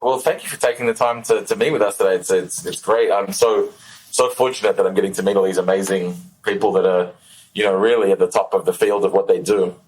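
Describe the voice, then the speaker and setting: A man's voice: low-pitched, fast talker, a little mellow, low-quality recording. A man with an Australian accent hosting a podcast, bantering and laughing often. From Australia, also New Zealand and Los Angeles. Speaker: podcast host. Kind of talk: casual interview chat.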